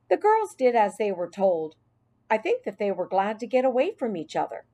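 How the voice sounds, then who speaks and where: A woman reading a children's story aloud with expressive, unhurried narration. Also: medium pitch.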